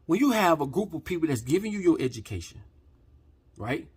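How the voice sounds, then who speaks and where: Husky man ranting, heated and profane. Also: on the high side, big pitch swings, brisk. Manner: heated, profane, preachy, swings from quiet to shouting. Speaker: channel host. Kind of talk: impassioned rant to camera.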